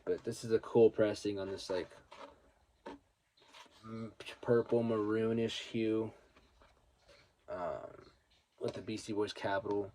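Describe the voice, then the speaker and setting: Speaking slowly with long pauses, a young vlogger in a steady, mellow, low voice discusses his record collection over a faint hiss or hum. His laid-back haul talk drifts into rambling, profanity-laced anecdotes as he grieves a late friend.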